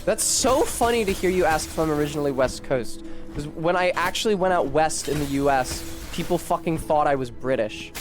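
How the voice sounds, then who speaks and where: A man with a somewhat high voice and a light Philadelphia tinge to his vowels chats away while streaming a game. He info-dumps freely and swears casually. Soft game music plays faintly underneath. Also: animated, a little fast.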